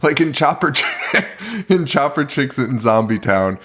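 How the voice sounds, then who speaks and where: A young man co-hosting a horror movie podcast, talking through the plot in loose, casual chat. He swears constantly and keeps cracking himself up. His pitch jumps around a lot as he talks. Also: very animated, unhurried, a bit bright. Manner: laughs often, heavy swearing. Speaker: podcast co-host.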